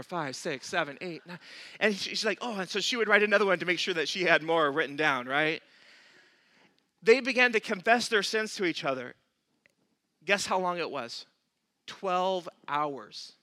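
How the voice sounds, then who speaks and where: High, bright-voiced storytelling male pastor. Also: dry recording. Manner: animated storyteller, acts out quotes, laughs at himself. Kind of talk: sermon with storytelling.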